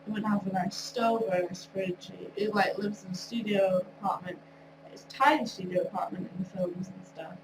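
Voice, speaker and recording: A woman's voice: mid-range voice, brisk. A woman with a nasal voice from a cold, rambling and chatting with frequent laughs as she talks over her gameplay. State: recovering from a cold, tired. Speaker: video creator. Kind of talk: casual commentary over gameplay. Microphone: wrong mic, far from speaker. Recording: distant mic with clear hum.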